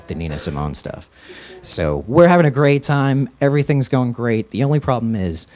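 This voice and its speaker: A radio DJ telling a personal story live on stage, casual and rambling with fillers. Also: male voice, sits low, darkish tone.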